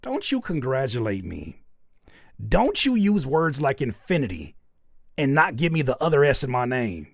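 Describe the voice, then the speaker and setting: A man's voice: medium pitch, wildly swooping pitch, normal speed, vocal fry, no echo, clean studio sound. A man hosting a live music feedback stream, giving frank, profane advice and playing up joking mock outrage at the chat. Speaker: host reviewing music live.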